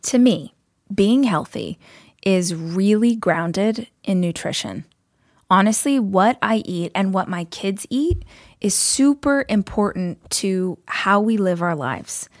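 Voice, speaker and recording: Woman podcast host, reflective, speaks softly; dry, close recording. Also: mid-range voice, animated, slow, no echo. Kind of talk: casual interview chat.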